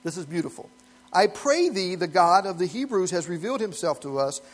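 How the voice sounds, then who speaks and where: A man with a notably high-pitched voice preaches from the pulpit. He speaks earnestly and with emphasis, his sermon broken by light chuckles. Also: animated, quick pace. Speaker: pastor.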